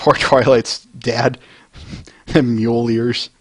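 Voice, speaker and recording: A man's voice: medium pitch, little pitch movement, slow, no room sound. Laid-back man chatting to viewers. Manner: chuckles often, chatty asides to viewers. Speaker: host reading comics aloud. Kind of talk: casual chat.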